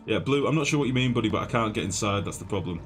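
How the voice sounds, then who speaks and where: A young man with a deep, low voice, streaming a game and chatting to his viewers. He sounds flustered and pokes fun at himself. Game music plays clearly underneath him. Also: expressive, racing, a bit bright. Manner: chatty, flustered, self-mocking, greets chat viewers. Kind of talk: live-streamed gameplay commentary. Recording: music playing clearly behind voice.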